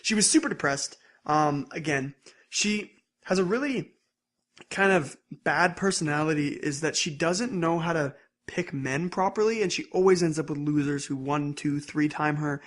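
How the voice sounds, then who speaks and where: Young male podcast co-host, slightly high voice, rambling casual recap. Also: moderate pace. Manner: rambling, animated, acts out scenes in bursts. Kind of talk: casual chat recapping episodes.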